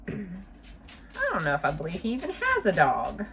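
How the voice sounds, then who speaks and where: Bright-voiced woman reading to children. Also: low voice, huge pitch swings, normal speed, vocal fry, slight background noise. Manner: chatty, asks listeners to raise hands. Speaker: children's storyteller. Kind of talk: reading a picture book aloud to kids. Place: home.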